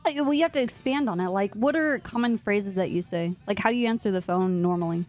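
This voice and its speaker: A woman's voice: medium pitch, fast talker, darkish tone, soft background music. A woman streamer chatting in character as a police officer, talking in a chatty way with hesitant restarts while she plans. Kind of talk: in-character roleplay chat.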